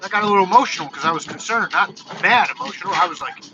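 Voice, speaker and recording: A man in his forties talking casually in a live vlog from his car, telling stories in an animated, ranting way. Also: sits high, fast, background noise. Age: 40s. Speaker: vlogger. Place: in a car on the road. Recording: dull lo-fi car recording with music. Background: techno music playing.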